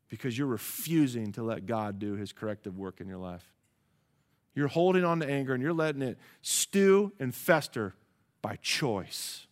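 A male pastor giving a sermon, moving between quiet low asides and loud emphatic preaching, and calling out questions to the congregation. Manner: calls out rhetorical questions to the congregation.

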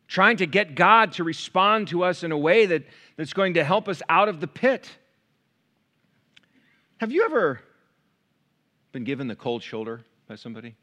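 Bright-voiced preacher delivering a dynamic sermon. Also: male voice, on the high side, animated, moderate pace. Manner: dynamic preaching that swings between quiet asides and loud raised passages. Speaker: pastor. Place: church sanctuary.

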